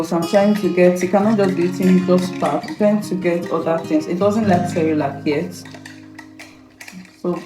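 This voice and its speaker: Nigerian woman, lowish voice, chatty vlog, echoey kitchen, guitar music behind. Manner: chatty, asks viewers questions. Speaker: vlogger, mother. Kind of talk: casual home vlog.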